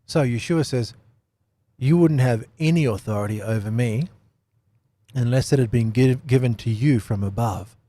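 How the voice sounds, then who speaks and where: A man giving an unscripted Bible study talk, animated, with lots of rhetorical questions and repeated phrases. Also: medium pitch, normal speed. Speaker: Bible teacher.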